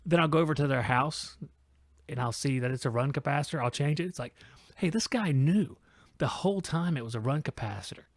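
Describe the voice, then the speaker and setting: Man, call-in show host, jokey storyteller, fairly high voice, dry close sound. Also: a little fast, no room sound. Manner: animated joking storyteller, acts out quotes and noises. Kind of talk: casual live-stream chat.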